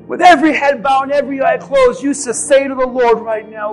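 Impassioned high-voiced male pastor. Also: steady tone, brisk, hardly any pauses, faint music behind. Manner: impassioned, rising to shouts then dropping low. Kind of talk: sermon with altar call.

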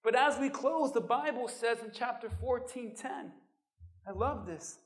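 A woman pastor preaching a sermon, speaking straight to her listeners with rhetorical questions and swinging from loud, urgent pleas to hushed, intimate lines. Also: fairly high pitch, a little slow. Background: music.

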